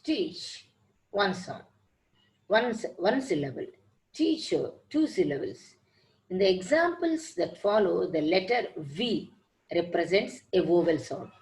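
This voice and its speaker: Woman teacher, unhurried lecturing delivery, spells out letters and repeats phrases. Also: medium pitch, low-quality recording. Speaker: English teacher. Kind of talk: classroom lecture over slides.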